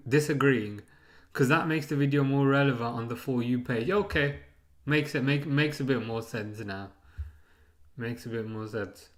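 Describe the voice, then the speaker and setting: A man streaming a live football watchalong, chatting casually and ranting with many restarts. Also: mid-range voice. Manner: rambling, excitable rants with repeated restarts.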